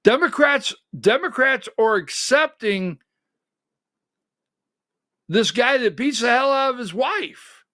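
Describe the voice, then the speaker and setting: A man's voice: extremely high pitch, animated, takes it slowly, long pauses, pushed and bright, dry recording, studio quality. A man hosting a conservative political talk show, giving sarcastic, emphatic commentary and calling directions to his producer.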